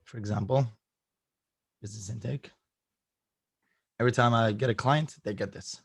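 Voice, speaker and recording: A hoarse man walks a group through his setup on a video call, upbeat and laughing now and then. His voice sits at an everyday pitch. The sound is close and dry, with no room around it. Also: normal speed, pauses often, no room sound. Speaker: guest presenter.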